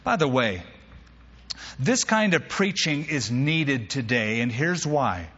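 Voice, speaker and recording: A male pastor preaching a sermon, an animated storyteller who drops humorous asides. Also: medium pitch, slow, slightly rough, long reverb tail, muffled recording.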